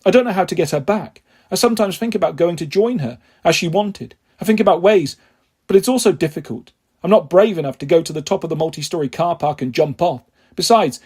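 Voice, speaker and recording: A man reading a children's novel aloud in a steady first-person storytelling manner, with a husky voice. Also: sits high. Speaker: audiobook reader.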